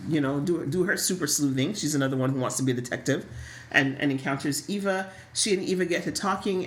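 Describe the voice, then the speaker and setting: A woman co-hosting a casual soap opera recap, telling stories in a lively, sassy way with frequent laughs. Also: on the low side, reverberant. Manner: animated, laughing, sassy storytelling. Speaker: podcast co-host.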